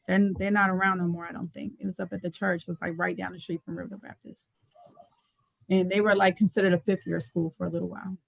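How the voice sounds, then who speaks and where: A young woman, a basketball coach, telling her story in a casual, colloquial way during an interview, animated and laughing often. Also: fairly low pitch, fast talker, vocal fry, no room sound. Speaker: guest, head basketball coach.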